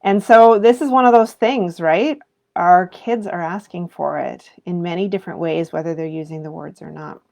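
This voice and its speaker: Speaking to educators in a live session, a woman in her thirties or forties teaches mindfulness earnestly and reflectively. She keeps posing rhetorical questions to viewers at a normal speed, her somewhat low, gravelly-fry voice a little mellow.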